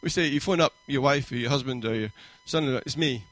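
A male pastor giving a sermon in a church, conversational and warm in pacing, with quoted asides and rising emphasis. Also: medium pitch, fast talker, no echo.

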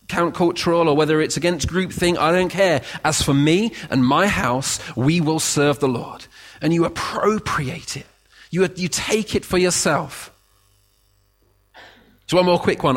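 A man preaches in a church with a slightly higher voice. He drops low and quiet to read verses, then builds to emphatic, near-shouted declarations. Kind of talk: sermon.

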